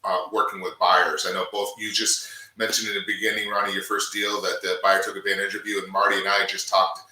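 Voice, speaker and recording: A man with a very deep yet bright, forceful voice steers the conversation, summing up and passing questions along. He sits back from the microphone, and the room around him rings with echo. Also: flat delivery, brisk, far from the mic. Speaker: podcast host. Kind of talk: podcast hosting.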